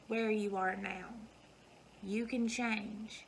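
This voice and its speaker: A woman's voice: medium pitch, lively intonation, measured pace, fairly bright tone, slight background noise, low-quality recording. A woman, giving an earnest, folksy motivational talk to her viewers. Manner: earnest, folksy, emphatic repetition. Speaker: vlogger.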